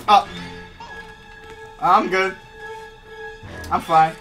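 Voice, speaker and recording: A man's voice: high-pitched, expressive, unhurried, pauses often, fairly bright tone, soft background music. A man chatting casually and muttering to himself while gaming, swearing and laughing at the action. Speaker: gamer.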